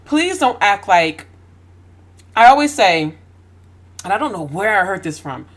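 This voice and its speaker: A woman's voice: medium pitch, big pitch swings, unhurried. A woman host giving an emphatic faith-based motivational talk, full of rhetorical questions.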